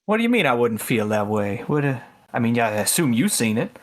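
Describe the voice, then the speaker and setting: A man doing a wheedling con man who keeps pressing with friendly, pushy questions. The voice sits at an ordinary male pitch, close to the player's own, in a tabletop role-play. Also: sing-song, brisk, lightly acted. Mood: coaxing. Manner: coaxing, pushy.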